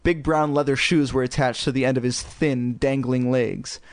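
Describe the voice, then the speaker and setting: A man's voice: mid-range voice, steady tone, normal speed, dry recording. A man reading a children's horror novel aloud, breaking off for sarcastic, joking asides. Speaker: audiobook reader.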